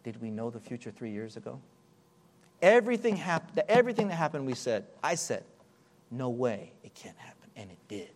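A man preaching a sermon, slowing and stretching key words, dropping to near-whispers and then building to loud, emphatic peaks. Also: mid-range voice, sing-song. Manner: wide swings from hushed, drawn-out phrases to loud emphatic build-ups.

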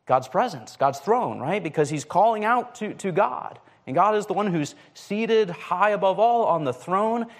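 Male preacher, slightly high-pitched, loose conversational delivery with lots of "like" and restarts. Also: lively intonation, normal speed, few pauses. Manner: casual, with frequent "like" and restarts. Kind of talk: conversational sermon.

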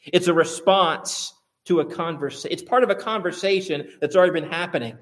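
A man preaching a sermon, asking his listeners rhetorical questions and building to emphatic, louder peaks. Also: a little high, a little fast.

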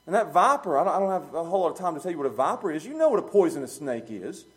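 A man preaching a sermon, plain-spoken and chuckling, swinging from quiet low musing to loud emphatic peaks. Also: sing-song, very fast. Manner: plain-spoken, uses street talk and chuckles.

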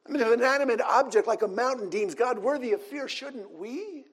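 A man's voice: extremely high pitch, lively intonation, fairly quick, slightly rough. A man preaching a sermon, reading scripture passages aloud in an earnest manner.

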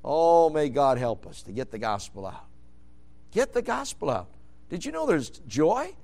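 A man preaching a sermon, moving from quiet storytelling into loud, fervent hollering. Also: mid-range voice, huge pitch swings, normal speed.

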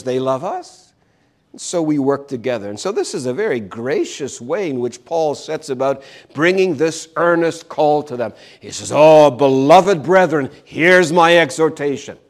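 An older man preaching a sermon in an earnest, emphatic way, slowing down to repeat key words. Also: a little high.

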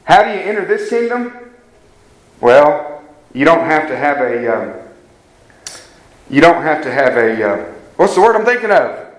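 A pastor preaches with earnest emphasis, often putting questions straight to his congregation. His voice sits a bit high for a man. The sound carries a roomy echo, as if caught in a church hall. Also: very animated, a little slow, pauses often. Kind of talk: sermon. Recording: echoey church room.

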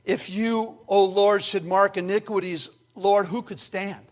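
A man giving voice to an anguished ancient psalmist, pleading with God in an intense, emphatic way, in a raised, slightly high voice. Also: measured pace, a bit bright.

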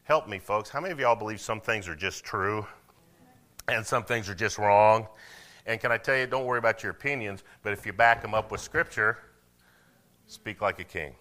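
Bright-voiced preacher. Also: male voice, fairly low pitch, moderate pace. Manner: animated preaching, swings from quiet asides to loud emphatic declarations. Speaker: pastor. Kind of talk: sermon.

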